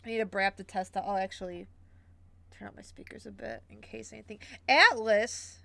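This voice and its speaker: A woman's voice: mid-range voice, brisk, creaky, pushed and bright, no echo. A young woman streaming a game with a friend, chatting, laughing often and reading the chat aloud. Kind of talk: casual gaming stream chat.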